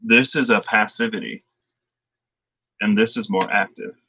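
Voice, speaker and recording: A tarot reader talks through a reading in a loose, chatty, unhurried way, thinking aloud and drifting into lively retellings. His voice is a little low but bright and forceful. The recording is close and dry with no room around it, and the audio quality is poor.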